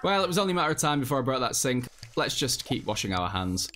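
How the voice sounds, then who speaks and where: A man chatting through his own gameplay in a non-American English accent. He is self-mocking and swears freely, and laughter keeps breaking into his talk. His voice sits at an ordinary middle pitch, with faint music underneath. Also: big pitch swings, fast, a bit bright. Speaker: let's play host. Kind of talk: casual gameplay commentary.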